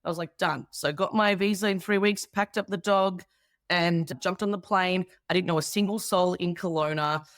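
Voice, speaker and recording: A woman's voice: lowish voice, steady tone, normal speed, no echo, studio quality. An Australian woman in her thirties, a guest comedian in a casual interview chat, telling stories with animation and acting out the people she quotes.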